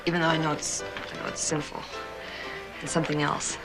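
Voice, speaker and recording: A coy young stenographer. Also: female voice, low voice, level tone, brisk. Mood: wistful. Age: young adult. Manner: teasing and coy. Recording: film scene with music behind.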